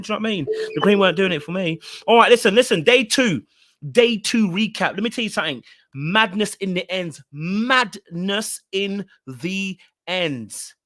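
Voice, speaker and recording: Animated man recapping reality TV. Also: high-pitched. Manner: animated, repeats words, talks straight to viewers. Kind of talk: casual commentary recap.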